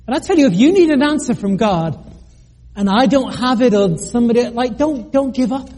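A man's voice: very high-pitched, animated, a little fast, dark tone, breathy edge. A middle-aged man from the United Kingdom, preaching a sermon earnestly, with joking asides and stammered restarts. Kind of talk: sermon with personal story.

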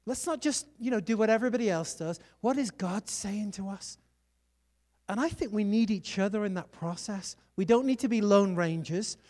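A preacher delivering a sermon, telling personal stories and urging listeners on with quick asides. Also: mid-range voice, a little mellow. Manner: exhorting, storytelling, quick asides.

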